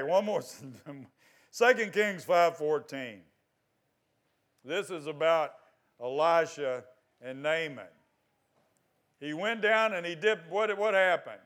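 A man's voice: on the high side, lively intonation, a little slow. Fiery man preaching a sermon. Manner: dramatic, swings from loud exhortation to quiet asides; asks the congregation questions.

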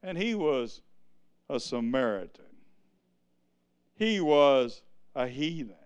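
A man preaching a sermon in a church, swinging from quiet asides to loud, lifted preaching. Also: mid-range voice, sing-song, slow pace, smooth, highs cut off.

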